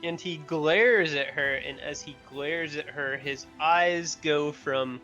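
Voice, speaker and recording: A man narrating as game master of a tabletop game, relaxed and halting, with many fillers. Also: fairly high pitch, muffled recording, soft background music.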